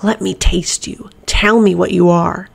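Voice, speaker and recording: A deep, cold demon that speaks slowly and with menace, as in a storybook read aloud, with a woman putting it on. The voice sits low and has a gravelly edge. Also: fairly even intonation, full character voice. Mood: menacing. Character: cold ancient male demon possessing a man.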